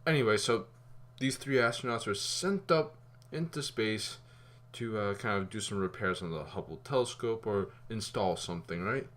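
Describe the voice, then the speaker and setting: Brief: male vlogger reviewing a film, low voice, loose and chatty, swears casually. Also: normal speed, few pauses. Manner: rambling and animated, with fillers and casual swearing. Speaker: movie reviewer.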